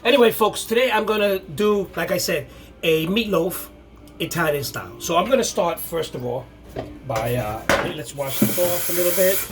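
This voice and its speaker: A man hosting a casual home cooking video, talking in a rambling, halting way with many restarts. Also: high-pitched, expressive, background noise. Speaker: cooking show host.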